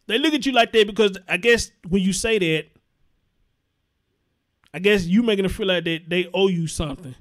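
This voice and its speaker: A man hosts a live commentary show, reading chat comments aloud and reacting bluntly, swearing a lot and repeating himself for emphasis. His voice is high and a bit bright, at a moderate pace with frequent pauses.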